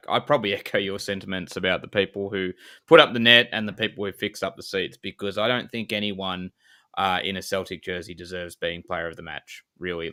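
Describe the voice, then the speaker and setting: A man co-hosting a football podcast, giving frank, measured analysis in a casual style. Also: low-pitched, bright, forceful tone. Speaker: podcast co-host.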